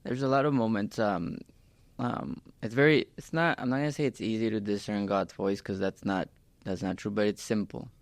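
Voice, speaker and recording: Gravelly smooth-voiced podcast host. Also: male voice, fairly low pitch, fairly even intonation, moderate pace, no echo. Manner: friendly, probing questions, conversational. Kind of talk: casual interview chat.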